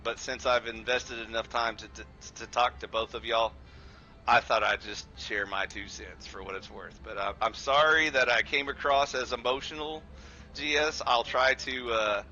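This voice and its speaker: Male streamer, very bright and cutting tone, sarcastic and profane, dull lo-fi stream sound. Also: medium pitch, moderate pace. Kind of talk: casual live-stream chat over gameplay.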